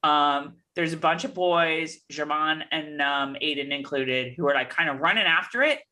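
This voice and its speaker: A woman's voice: sits low, pushed and bright. A woman co-hosting a casual TV episode recap, chatty and retelling scenes. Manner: chatty, recounts scenes with quick put-on voices. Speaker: podcast co-host.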